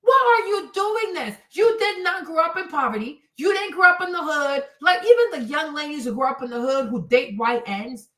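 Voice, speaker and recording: A woman hosting a stream, ranting in an animated, exasperated way, swearing freely and sometimes breaking into shouts. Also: high voice, a little fast, hardly any pauses, distant mic. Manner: bursts into shouts. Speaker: host. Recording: echoey room, off the mic.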